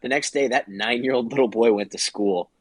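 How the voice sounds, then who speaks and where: A man's voice: medium pitch, brisk, over a noisy crowd. A man co-hosting a podcast, teasing his friends in casual chat. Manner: teasing, jokey. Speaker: podcast co-host.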